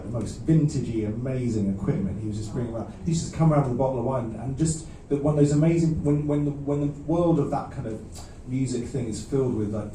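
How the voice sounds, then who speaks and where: A man, a singer-songwriter chatting between songs at a live gig in a halting, self-deprecating way, with many restarts. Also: medium pitch, warm tone, slight background noise. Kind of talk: rambling between-song stage banter. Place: small live music venue. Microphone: stage vocal mic. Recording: roomy, distant audience recording.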